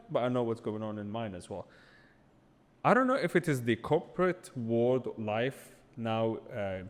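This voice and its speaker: A man's voice: mid-range voice, in a large hall. A man co-hosting a casual podcast, joking and then giving earnest opinions. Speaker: co-host.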